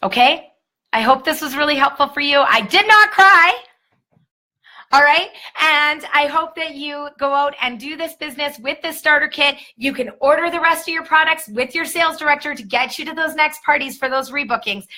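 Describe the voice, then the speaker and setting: Woman, sales team trainer, motivational live-stream talk, emphatic and upbeat, bright forceful voice. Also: high voice, a little fast, few pauses.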